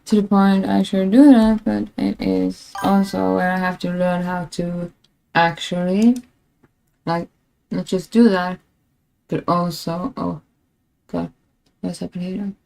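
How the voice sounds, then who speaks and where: Creaky and dark-toned, her medium-pitched voice comes through a rough recording. Chatting on her live stream, she rambles and mocks herself with frequent laughter, clearly frustrated by her tech.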